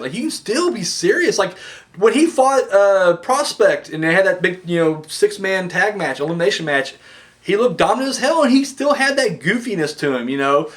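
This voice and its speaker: A young man giving a casual, excitable review of a wrestling show, slangy and full of "dude" and "like". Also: a little high.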